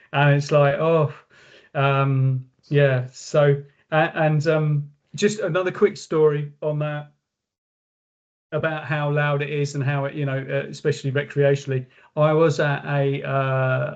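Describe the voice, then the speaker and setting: A man's voice: fairly high pitch, muffled recording. A man, a company director, speaking casually as a webinar guest, rambling with many fillers and restarts.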